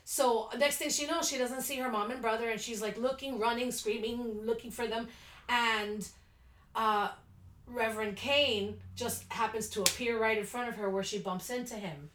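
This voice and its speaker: A woman's voice: fairly high pitch, steady tone, normal speed, fairly bright tone, slight background noise. Podcast co-host, woman, laughing storyteller, recorded in a roomy space. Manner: rambling storyteller, laughs often. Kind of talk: casual chat.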